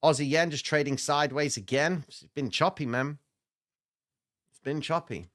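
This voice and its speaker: A man's voice: a little high, normal speed, fairly bright tone. A man hosting a live trading stream, giving blunt, slangy market commentary and answering chat comments.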